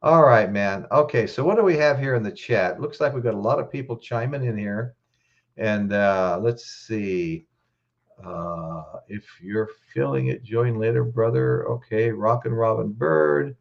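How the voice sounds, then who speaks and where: A man's voice: on the low side, unhurried, creaky, highs cut off. A man hosting a casual live stream, choked up, greeting viewers in the chat by name and often restarting his sentences.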